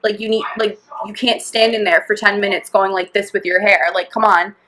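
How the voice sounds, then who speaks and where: Bright, chatty young woman storyteller. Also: mid-range voice, steady tone, fairly quick, a little hiss or hum. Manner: rambling, laughing, full of "like" and acted-out quotes. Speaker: podcast co-host. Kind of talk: casual chat storytelling.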